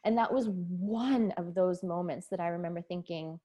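A woman's voice: fairly low pitch, normal speed, hardly any pauses, mellow. A woman in her forties, a nurse and podcast guest, telling her story candidly and with feeling in a casual interview. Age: 40s. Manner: candid, emotional, laughs often.

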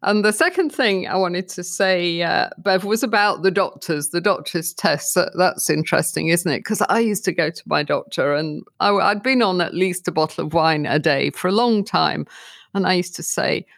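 A woman's voice: on the low side, normal speed, vocal fry, fairly bright tone, dry recording, clean studio sound. A woman hosting a podcast interview who reflects on her guest's story and shares her own experience. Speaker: host.

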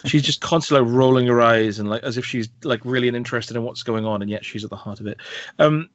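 A man's voice: medium pitch, quick pace. A man, co-hosting a casual film review podcast, rambling and correcting himself as he goes. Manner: chatty, rambling with frequent fillers and self-corrections. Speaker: podcast co-host. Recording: dull lo-fi dry sound.

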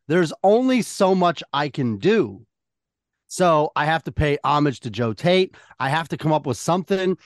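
A man's voice: medium pitch, no echo, studio quality. A man co-hosting a podcast in a casual, playful, teasing way. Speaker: podcast co-host.

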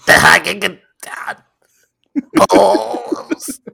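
Man putting on a gravelly creepy stalker. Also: sits high, drawn-out words, sharp tone, voice pushed up, heavily acted. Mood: whiny. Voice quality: gravelly, strained. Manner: stammering, whiny. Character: creepy disguised male stalker, pleading, obsessed.

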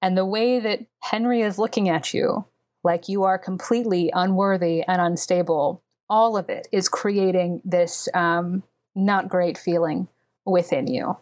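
A woman's voice: fairly low pitch, steady tone, unhurried, a little mellow. A woman running a tabletop role-playing game, narrating descriptively with many fillers. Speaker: game master.

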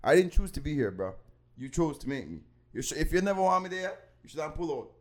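A man's voice: fairly high pitch, expressive, fast. Blunt, impassioned young man. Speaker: podcast co-host. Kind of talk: casual chat.

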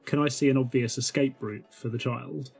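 A man with a slightly husky voice talks through his character's moves at a tabletop game. He is chatty, laughs easily and fills his sentences with ums while he plans, and soft music plays behind him. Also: mid-range voice, steady tone, moderate pace. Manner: chatty, laughs often, many fillers. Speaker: player. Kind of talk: playing a tabletop role-playing game.

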